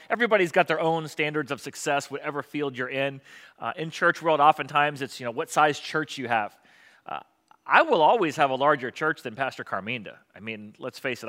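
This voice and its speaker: Guy pastor talking through his sermon, bright voice, lots of uhs. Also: medium pitch. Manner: conversational preaching with many fillers.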